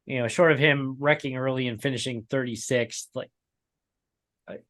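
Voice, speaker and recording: A man's voice: mid-range voice, steady tone, moderate pace, a bit bright. A man co-hosting a casual racing podcast, telling long rambling stories with frequent chuckles. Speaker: podcast co-host. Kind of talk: casual chat.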